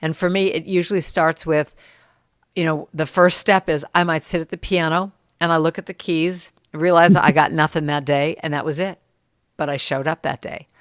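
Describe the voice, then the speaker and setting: A woman's voice: deep voice, moderate pace, no room sound, clean studio sound. Storytelling woman in casual chat. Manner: storytelling, animated when quoting others. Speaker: podcast guest, musician. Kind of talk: casual conversation.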